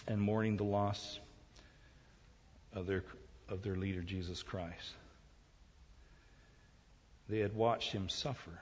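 Husky guy preaching, pushes hard and asks the room questions, big hall echo, kinda muffled. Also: fairly low pitch. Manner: emphatic, with rhetorical questions. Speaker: pastor. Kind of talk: sermon. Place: large hall. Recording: dull sound in a reverberant hall.

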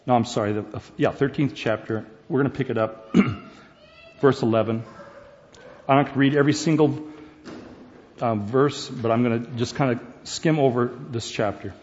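A man's voice: mid-range voice, moderate pace, a little mellow, slight background noise. A man preaching a sermon, talking to the congregation in a conversational way and asking them questions. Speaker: pastor. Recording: dull recording with long hall reverb.

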